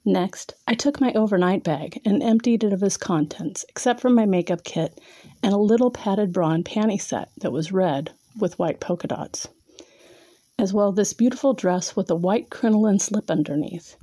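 A woman's voice: medium pitch, moderate pace, mellow, breathy edge, dry recording. A woman narrating a second-person erotic story in a teasing, domineering way, sometimes dropping to a whisper.

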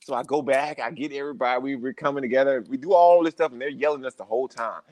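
A young adult man appears as a podcast guest in a casual interview, animatedly telling stories and acting out the voices of the people in them. His mid-range voice is rapid-fire with few pauses, and there's no room sound.

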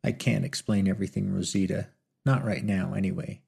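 Hapless gunslinger, played by a man, pleading, low gravelly husky voice. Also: little pitch movement, fairly quick, warm tone, exaggerated voice. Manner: pleading, earnest.

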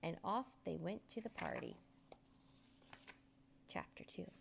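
A woman narrating a children's storybook aloud in an expressive, measured way. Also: fairly low pitch, gravelly, slight background noise.

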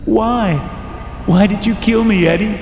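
Cruel cackling female ghost for a horror story; man voicing her, high and jeering. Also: a little slow, darkish tone, roomy sound, big-room sound, slight background noise. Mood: accusing. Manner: taunting, shrill and mocking. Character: vengeful dead woman's ghost, cruel and cackling.

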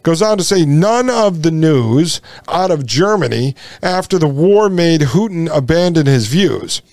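A man's voice: on the high side, lively intonation, measured pace, darkish tone, dry recording. A male podcast host reading from an article and breaking off into indignant, sarcastic commentary. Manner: indignant, sarcastic asides between quoted passages.

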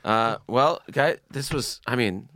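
A man hosting a casual podcast chat with coworkers, easygoing and quick to laugh. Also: mid-range voice, a bit bright, no echo, studio quality. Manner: easygoing, laughs often, loose trailing remarks. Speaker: podcast host.

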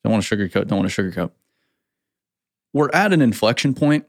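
A man's voice: fairly low pitch, lively intonation, quick pace, no room sound. Man, company founder, casual podcast, blunt, repeats himself, dry close sound.

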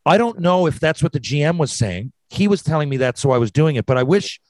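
Man, middle-aged, fast, slightly high voice, dry close sound, loud and profane. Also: very animated, no echo. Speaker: podcast host, former hockey player. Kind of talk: casual chat.

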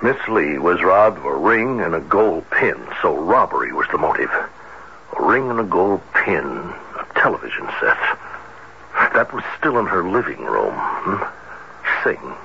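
Deep, bright-edged male voice of a probing police captain in a vintage radio mystery. His delivery is brisk, plainspoken and full of questions, swinging lively through its range. The broadcast sound is dull and lo-fi with a faint hiss underneath. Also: gravelly, heavily acted. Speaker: police detective. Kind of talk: old-time radio drama acting.

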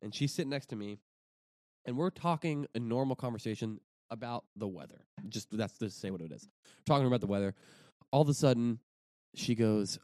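A man's voice: mid-range voice, animated, fairly quick, darkish tone, no echo. A young man chatting casually on a podcast, telling long rambling stories with restarts and swearing. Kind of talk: casual chat.

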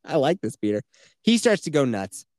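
A man's voice: mid-range voice, big pitch swings, normal speed, darkish tone, no room sound, clean studio sound. A man casually retelling a video game's plot on a podcast, profane and mocking. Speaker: podcast host. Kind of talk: casual game review chat.

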